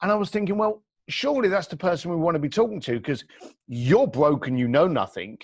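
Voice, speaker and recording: Casting man guest, animated, blunt storyteller, raised pitch, swinging intonation, dry close sound. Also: brisk, breathy edge, no echo. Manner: blunt, energetic, acts out quoted dialogue. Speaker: entrepreneur guest.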